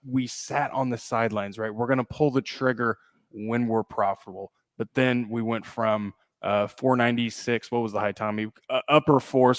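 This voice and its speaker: A man's voice: medium pitch, dry recording, studio quality. A man co-hosting a grain market show, explaining casually and tagging points with "right?". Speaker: grain broker co-host. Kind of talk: market commentary.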